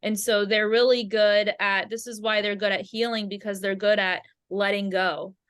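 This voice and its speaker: A woman explaining her ideas calmly on a podcast, speaking over a video call. Her talk is steady and reflective, with a spiritual bent. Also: medium pitch, normal speed, clear, resonant tone. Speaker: podcast guest. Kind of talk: casual chat.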